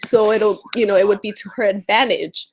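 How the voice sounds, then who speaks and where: On a rough recording with a little hiss or hum, a woman political vlogger chats to camera at a fairly quick clip in a medium pitch. She's animated, nervous and exasperated, quoting others mockingly while peppering everything with "um" and "you know."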